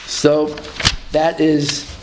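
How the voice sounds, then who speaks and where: A man with a Yeshivish English accent gives a text-study lecture in a fairly high voice. He reads each passage slowly and carefully, then switches to a relaxed, conversational explanation. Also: background noise. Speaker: Torah teacher.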